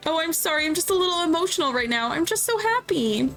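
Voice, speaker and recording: Woman voicing a teary, gentle young heroine. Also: very high voice, big pitch swings, quick pace, faint music behind, voice pushed up, exaggerated voice. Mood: emotional. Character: sweet gentle young woman, shy and emotional.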